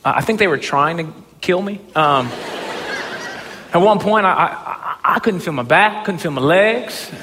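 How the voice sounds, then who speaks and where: Animated high-voiced man telling a story. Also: a little slow, big-room sound, background noise. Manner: animated, self-mocking, bursts into excited shouts. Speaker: motivational speaker. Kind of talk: humorous storytelling talk.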